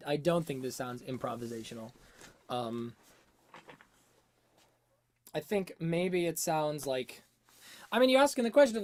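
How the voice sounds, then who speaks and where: A man talking through a song on a casual livestream, his pitch swinging freely up and down as he thinks aloud. He reads out the chat, answers it, and now and then hums a melody over a webcam setup. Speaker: music analysis livestream host.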